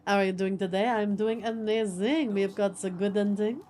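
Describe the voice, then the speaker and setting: A woman's voice: mid-range voice, moderate pace, darkish tone. Young woman gaming on stream, joking around w chat, bit of background hiss.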